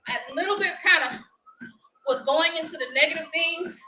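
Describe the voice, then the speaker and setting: A woman's voice: very high-pitched, fairly quick, sharp tone, echoey room, low-quality recording. A woman, hosting a casual live motivational chat, upbeat and laughing often as she talks to viewers. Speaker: livestream host.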